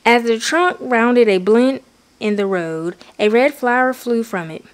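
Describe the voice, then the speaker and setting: A woman reading a children's picture book aloud, steady and expressive. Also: fairly high pitch, measured pace. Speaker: children's story reader. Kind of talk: storybook read-aloud.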